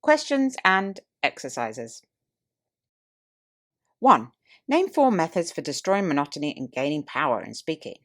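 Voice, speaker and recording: A woman, a toastmaster, reading a public speaking book aloud as an audiobook in a measured, deliberate way with expressive emphasis. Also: low-pitched. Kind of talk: scripted audiobook narration.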